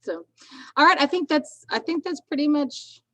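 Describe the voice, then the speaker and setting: A woman's voice: high voice, animated, moderate pace, a bit bright, low-quality recording. A woman co-hosts in a chatty, upbeat way and laughs a lot. Her speech is informal and easygoing, with a casual "y'all". She drifts from topic to topic. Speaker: co-host of an astronomy community livestream. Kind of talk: casual chat.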